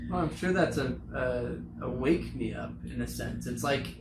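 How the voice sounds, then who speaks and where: A man's voice: medium pitch, normal speed. A man hosting a casual interview, chatty and loose, full of "like" and "you know". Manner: chatty, fillers like "like" and "dude". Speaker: podcast host. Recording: echoey room with noise.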